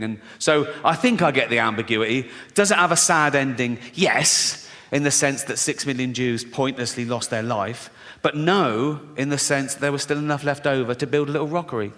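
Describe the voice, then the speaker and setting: Male comic, profane and mocking, live on a theatre stage with a long echo. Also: mid-range voice. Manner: profane, mocking, laughs at his own jokes. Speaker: stand-up comedian. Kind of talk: stand-up routine. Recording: live hall with loud crowd laughter.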